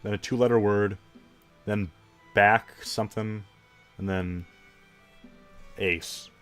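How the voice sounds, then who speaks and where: A man's voice: lowish voice, steady tone, slow, clear, resonant tone, faint music behind. A man co-hosting a let's play in casual gaming chat, thinking aloud in a hesitant way.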